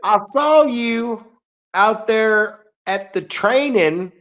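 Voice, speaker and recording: A man putting on the voice of a clueless, earnest young male wrestling trainee, high and drawn out. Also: lively intonation, extremely slow, fairly bright tone, full character voice.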